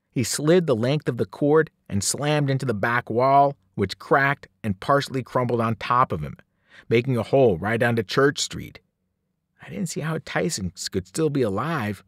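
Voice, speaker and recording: A man, a teacher, reading a novel aloud with dramatic, animated storytelling. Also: mid-range voice, unhurried, dry recording, studio quality. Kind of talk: novel read-aloud narration.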